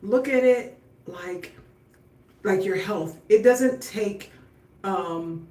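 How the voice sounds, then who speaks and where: A middle-aged woman chats easily with her livestream viewers while she does her hair. She speaks to them directly and warmly brings in her faith. Her voice sits at an ordinary middle pitch and is caught from a distance in an echoey room. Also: drawn-out words. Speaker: livestream host. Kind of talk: casual livestream chat while styling hair. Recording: roomy echo, voice off-mic.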